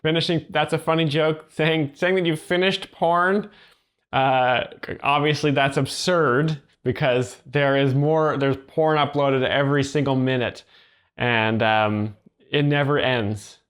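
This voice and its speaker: A man halting through earnest commentary that explains jokes. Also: fairly high pitch, steady tone, fairly bright tone, clean tone. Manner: hesitant, halting, lots of fillers. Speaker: joke explainer.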